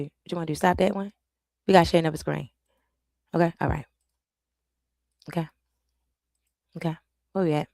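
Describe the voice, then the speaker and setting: A woman's voice: fairly low pitch, creaky, darkish tone, no echo. Chatty woman streamer, dry close sound. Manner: loose, repetitive, talks to the audience while juggling screens. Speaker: live commentary streamer. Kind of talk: live reaction commentary.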